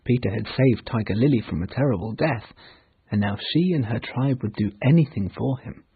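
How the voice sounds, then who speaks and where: A man reads a storybook slowly and clearly for learners, in a mid-pitched, very husky voice. The recording is narrow and tinny, like a phone line. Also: animated. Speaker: narrator. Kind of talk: storybook reading for English learners.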